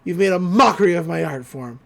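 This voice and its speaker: A podcast host putting on a low, haughty voice for a pompous young male puppeteer while recapping a cartoon. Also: expressive, brisk, vocal fry, a bit bright.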